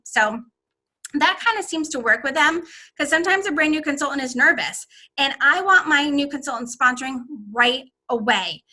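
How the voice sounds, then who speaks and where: A woman's voice: high voice, animated, moderate pace, sharp tone. A woman who leads a direct sales team, talking in a podcast interview in an upbeat, persuasive coaching manner.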